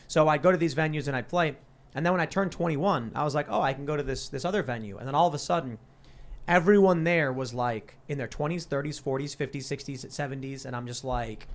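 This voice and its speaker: A man with a Chicago accent co-hosting a casual panel talk show, telling stories in an animated way. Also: medium pitch. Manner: animated storyteller, jumps into playful voices. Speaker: podcast co-host.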